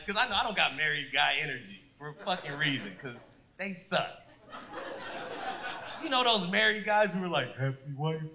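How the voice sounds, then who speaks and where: A man in his thirties works a comedy club crowd in a high, bright voice, animated and profane. He drops into little impressions of other people mid-bit. The live recording carries a clear wash of room noise under him. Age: 30s. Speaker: stand-up comedian. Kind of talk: stand-up comedy set. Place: comedy club stage with a laughing audience.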